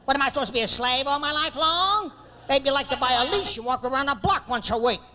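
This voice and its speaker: A man voicing a shrill, fed-up middle-aged wife who scolds her husband. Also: expressive, pushed and bright, heavily acted. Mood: screeching. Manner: shrill, scolding, rapid complaints.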